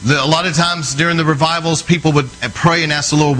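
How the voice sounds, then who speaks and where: A man's voice: a little high, fairly even intonation, fast, a bit bright, poor audio. A man preaching a sermon in a conversational, storytelling way, often checking in with his listeners, earnest and emphatic.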